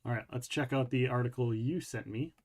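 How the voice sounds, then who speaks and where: A man's voice: mid-range voice, fairly even intonation, brisk, darkish tone. A man hosting a casual chat, laid-back and joking as he reads out a list and greets viewers. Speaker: host.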